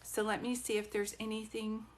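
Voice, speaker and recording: A woman's voice: fairly high pitch, little pitch movement, moderate pace, slight background noise. Chatty woman giving psychic readings. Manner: chatty and rambling, asks viewers questions. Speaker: psychic medium. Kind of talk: live social media readings.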